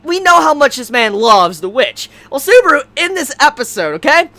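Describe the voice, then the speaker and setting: A woman giving a casual, animated anime episode review, swearing freely and breaking into loud outbursts. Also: high-pitched, normal speed.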